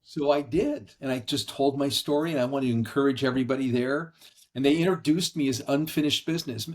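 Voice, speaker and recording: A middle-aged man, a podcast guest, telling a personal story in an earnest, animated conversational way, speaking from a house. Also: medium pitch, a little fast. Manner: earnest, animated storyteller acting out quoted voices. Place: brother-in-law's house.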